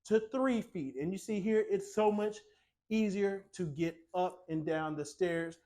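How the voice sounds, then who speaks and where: Man, high voice, upbeat salesman tone, home tour host, talks straight to viewers. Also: measured pace, poor audio. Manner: upbeat sales pitch, addresses viewers as ladies and gentlemen. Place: inside a small cabin-style home and on its screened porch.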